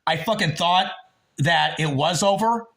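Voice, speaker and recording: Gravelly, bright-voiced man ranting on a livestream. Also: sits high, unhurried. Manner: rambling, emotional, profane, talks to a viewer by name. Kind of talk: emotional livestream monologue. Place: home.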